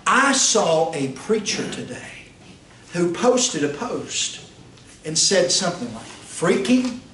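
A man, a pastor teaching a Bible class, preaching with rhetorical questions and sudden shouts. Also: sing-song, slow pace. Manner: rhetorical questions, pitch swings, rises to shouts. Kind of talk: fiery preaching. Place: church classroom. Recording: roomy, distant mic, faint hiss.

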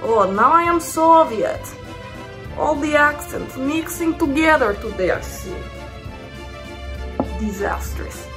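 A woman doing a snobbish French teacher who speaks with a put-on French accent that slides into British. She sounds blunt and mock-arrogant, with a voice a little high and an unhurried, lingering delivery. Faint music plays behind her. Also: animated, a bit bright, exaggerated voice. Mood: haughty. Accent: put-on French accent slipping into British. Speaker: comedic host. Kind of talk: comedy sketch with makeup tutorial.

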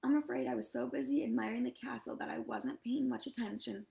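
Posh gushing storybook lady, a woman doing her, gravelly voice. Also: a little high, steady tone, a little fast, warm tone. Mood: apologetic.

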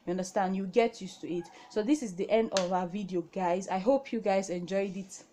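A woman's voice: medium pitch, steady tone, fairly quick, warm tone, a little hiss or hum. A young woman from Nigeria teaching a reading lesson at a whiteboard, patient, repeating each word and checking in with "okay?". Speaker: language teacher.

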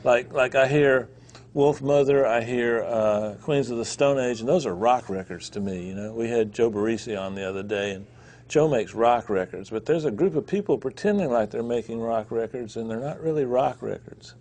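A man's voice: medium pitch, normal speed, darkish tone, a little hiss or hum. A man co-hosting an interview, asking a long question in a casual way with restarts. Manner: rambling, searching for words. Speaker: co-host.

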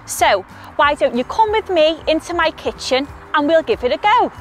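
A woman with a Scouse accent, a scientist explaining science to primary school children in a cheerful, clear way. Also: high voice, expressive, moderate pace, faint music behind. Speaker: scientist presenting a kids' science video. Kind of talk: educational talk to children.

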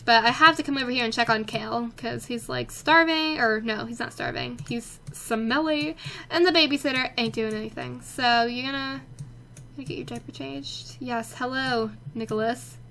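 A young woman hosting a casual let's play, chatty and excitable, talking to the characters on screen. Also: on the high side, moderate pace. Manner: chatty, excitable, talks to her game characters. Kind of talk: casual game commentary.

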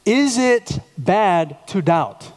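A male pastor in his thirties delivers a sermon in a church sanctuary. His voice sits a little high, and he tells stories, repeating words and asking pointed questions. The sound rings with the long reverb of a large hall. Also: very animated, drawn-out words.

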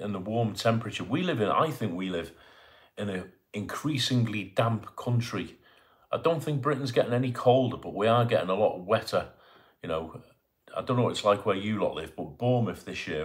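A middle-aged man hosting a casual live stream from home, chatting and greeting viewers by name as he reads their comments. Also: lowish voice. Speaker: livestream host. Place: home in Bournemouth.

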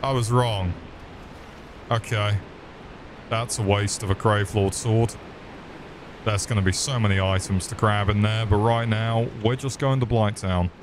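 A young male streamer with a lowish voice gives crude, joking gameplay commentary, talking to the enemies as he plays. There's background noise.

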